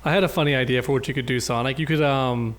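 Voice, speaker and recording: A man's voice: mid-range voice, steady tone, fast talker. A man co-hosting a casual podcast, rambling through playful ideas with fillers like um and like. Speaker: podcast co-host.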